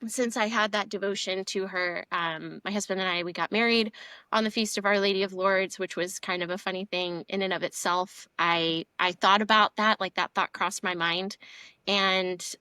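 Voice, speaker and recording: A young woman from Houston talks through a personal story in a relaxed, chatty way. Her voice is middle-pitched and sits close to the mic in a dry space. She strings her thoughts together with many fillers. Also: moderate pace, clear, resonant tone, no echo. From Houston, Texas. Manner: animated storytelling with frequent fillers. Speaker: podcast guest. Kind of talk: casual conversational testimony.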